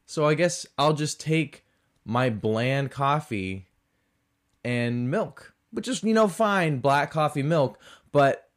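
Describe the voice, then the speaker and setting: Animated man ranting on his podcast. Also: medium pitch, takes it slowly. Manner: animated, swings between loud and muttered asides. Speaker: podcast host. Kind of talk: casual solo rant.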